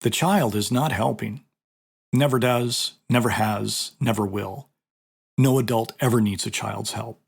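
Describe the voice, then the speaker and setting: In an unhurried, medium-pitched voice that's gravelly and a little breathy, a middle-aged martial arts instructor rambles casually through an anecdote. It's a conversational monologue, heavy on fillers.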